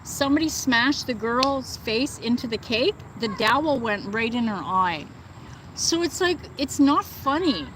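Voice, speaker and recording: Woman, fairly high voice, casual livestream chat, indignant, lots of fillers, faint background noise. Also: animated, unhurried. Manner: chatty and indignant, with many fillers like "like" and "you know". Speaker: livestream host. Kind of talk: casual livestream chat, reading and answering viewer comments. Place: outdoors, within earshot of birds and thunder.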